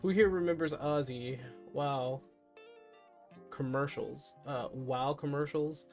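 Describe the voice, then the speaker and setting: A man's voice: fairly high pitch, slow, darkish tone, faint music behind. A man hosting a live stream, chatting candidly and in a subdued way as he reacts to news and to his chat.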